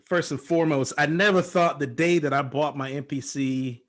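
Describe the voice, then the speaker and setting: A middle-aged man from England, a guest chatting casually and trailing off softly at the ends of his thoughts. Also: a little high, moderate pace. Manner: relaxed, self-deprecating, trails off softly. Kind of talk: casual conversation.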